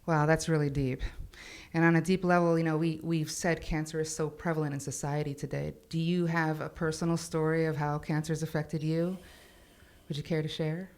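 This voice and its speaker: Low, flat-voiced woman interviewer. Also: a little fast. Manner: encouraging, asks gentle questions.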